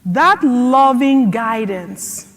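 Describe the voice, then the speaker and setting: Earnest woman speaking slowly in a hall. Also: fairly high pitch. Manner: earnest, storytelling with lively quoted asides. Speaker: guest speaker. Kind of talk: conference Q&A answer. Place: conference hall. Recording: hall reverb.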